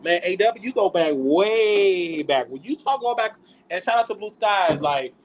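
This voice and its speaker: A man hosting his own live show, chatting casually and excitably as he reminisces out loud. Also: sits high, moderate pace. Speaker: show host. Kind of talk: casual livestream chat.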